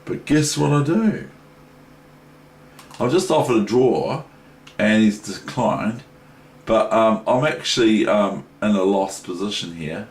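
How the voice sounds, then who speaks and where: Nz guy doing a chess lesson, low voice, rambly and chatty, roomy echo, bit of hiss. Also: expressive, slow, long pauses. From New Zealand. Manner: chatty, rambling, with many asides and restarts. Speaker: chess teacher. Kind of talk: casual chess lesson analysing a game. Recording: echoey room with faint noise.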